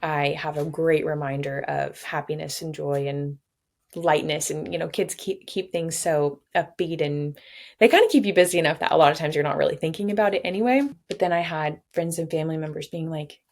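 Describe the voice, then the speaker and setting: A woman's voice: low voice, a little fast, gravelly. A young woman telling her own story in an interview, open and reflective, with light laughs and playful quoted voices. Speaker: patient sharing her story. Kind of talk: candid interview.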